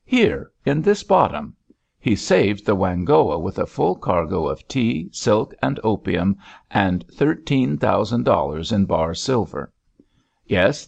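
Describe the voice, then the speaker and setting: A man voicing a gruff, dryly humorous older sea captain who drawls wry remarks, with a creaky, husky voice. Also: lowish voice, very animated, takes it slowly, heavily acted. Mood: reminiscing.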